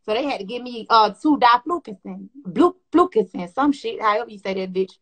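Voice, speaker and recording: A loud, profane woman hosts a casual livestream on her phone, rambling in a bright, forceful voice. She speaks, and her voice sits a bit high. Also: expressive, brisk. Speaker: livestream host.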